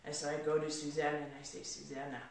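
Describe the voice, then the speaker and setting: Woman mentor, lively storyteller, hushed to excited, heard off-mic in a very echoey room. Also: sits low, rapid-fire, recorded from a distance, a little hiss or hum. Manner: animated, swings from hushed to excited. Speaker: mentor and speaker. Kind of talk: storytelling motivational talk.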